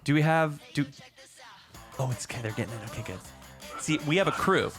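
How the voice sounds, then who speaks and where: A man's voice: on the high side, brisk, fairly bright tone, soft background music. A man hosting a podcast, joking, swearing and laughing in casual chat. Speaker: podcast host. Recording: echoey room with long reverb.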